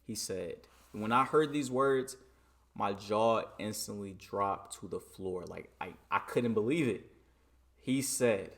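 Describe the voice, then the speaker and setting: A man from Michigan telling a story in a casual vlog, animated and dramatic, often repeating "you know what I'm saying.". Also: on the low side, takes it slowly. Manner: dramatic re-enacting of dialogue.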